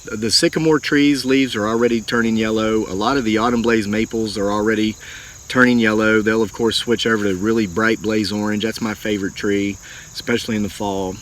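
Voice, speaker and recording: A man's voice: lowish voice, a little fast. A middle-aged man telling a long personal story in a folksy, earnest way, acting out what people said. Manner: folksy, earnest, animated retelling with acted quotes. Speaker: homesteading channel host. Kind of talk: storytelling monologue.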